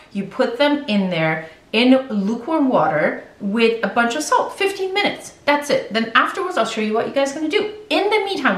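Picked up from a distance in a roomy home kitchen with slight hiss or hum, a middle-aged woman who works as a dentist chats playfully to her audience as she cooks. It's a casual cook-along vlog, and her voice is somewhat high and a bit bright.

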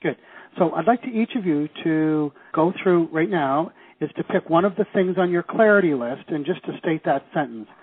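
A man leading a teleseminar, coaching listeners through phrases and slowing down to stress key words. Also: on the high side, animated, husky, no room sound. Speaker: seminar leader. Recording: tinny phone line.

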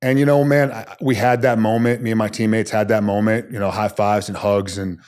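A man's voice: on the low side, little pitch movement, brisk, a little mellow. A man, a former soldier, telling his story bluntly and emphatically as a podcast guest, swearing casually.

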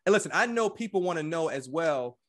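A man's voice: a little high, animated, a little fast, a bit bright. Fervent preacherly male podcast host. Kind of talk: exhortation and show wrap-up.

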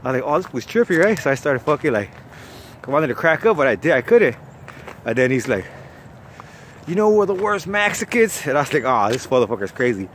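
A man with a relaxed Chicano accent tells his stories in a loose, profane way, with plenty of "like" and "you know what I mean". His voice sits at an ordinary middle pitch. Faint traffic hum from outdoors runs underneath. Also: fast. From California. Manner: profane, laid-back storytelling full of fillers. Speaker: former bank call-center worker. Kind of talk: casual storytelling vlog.

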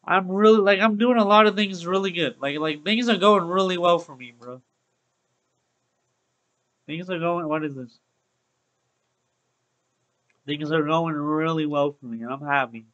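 Bright, high-voiced young man streaming. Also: unhurried, long pauses, poor audio. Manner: chatty and upbeat, repeats phrases, calls viewers bro. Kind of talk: casual Let's Play commentary to live chat.

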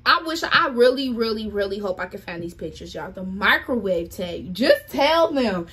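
A young woman vlogger telling a story in casual chat, animated and dramatic, talking straight to her viewers. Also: mid-range voice, normal speed. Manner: animated, dramatic retelling, addresses viewers as y'all.

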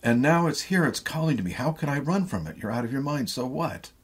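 A man's voice: mid-range voice, sing-song, brisk, breathy edge, pitched above the performer's own voice. A man reading a smitten, stubborn writer. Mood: insistent. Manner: earnest, insistent. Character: middle-aged male writer, smitten, stubborn.

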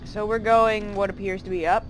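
A woman's voice: mid-range voice, steady tone, moderate pace, background noise. A woman hosting a horror game let's play, talking through it in a jumpy, jokey way and swearing freely. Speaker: gaming channel host.

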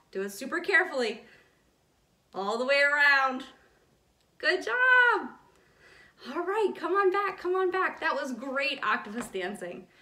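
A young woman leads a preschool circle time in a sing-song, encouraging voice. Her pitch swings high and low, a little higher than most women's. She sits a bit back from the mic in an echoey room. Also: fairly bright tone, far from the mic. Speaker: preschool teacher. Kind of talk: online circle time lesson for young children. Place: home room.

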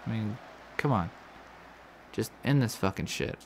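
Low-voiced man ranting over a game. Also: animated, a little slow, a little hiss or hum. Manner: profane, frustrated ranting. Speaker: gaming commentator. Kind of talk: let's play commentary.

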